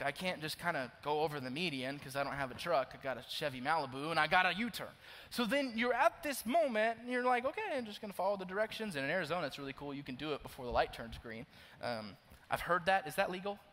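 High-voiced young preacher in a reverberant hall. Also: male voice. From Oklahoma. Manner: swings between loud urgent pleading and hushed near-whispered confession. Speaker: youth pastor. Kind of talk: sermon. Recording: long hall reverb, faint noise.

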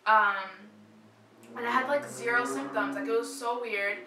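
Speaking to camera, a young woman in her twenties who is pregnant and has morning sickness chats in a rambling, filler-heavy way, leaning on "like." Her fairly high voice is bright and forceful, steady in tone and normal in speed. Roomy echo comes from a distant mic.

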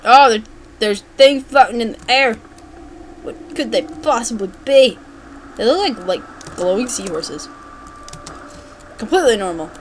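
A woman's voice: fairly high pitch, animated, a little slow, pauses often, slight background noise. A woman giving casual, jokey gameplay commentary with playful, silly asides. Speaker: let's play gamer.

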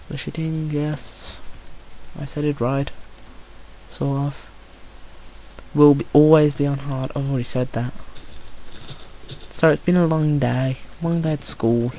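A young Brummie man chatters through his gameplay, joking and getting worked up as he goes. His voice sits a bit high with a gravelly crackle and a mellow, dark tone. He sounds like he is recording on a home computer mic. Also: unhurried, long pauses. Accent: Birmingham English. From Birmingham, England. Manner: chatty, excitable, jokey self-talk. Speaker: gameplay commentator. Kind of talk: casual gameplay commentary.

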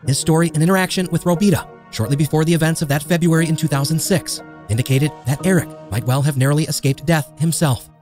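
A man's voice: a little high, fast talker, hardly any pauses, a little mellow. A man narrating a true crime story in a grave, scripted way. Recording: faint music underneath.

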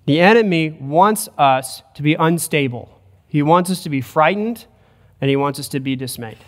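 A man's voice: a little high, lively intonation, normal speed, a bit bright. Preaching man in a reverberant hall. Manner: earnest, rising to emphatic preaching. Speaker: pastor. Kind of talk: sermon. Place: church sanctuary. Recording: long church hall reverb.

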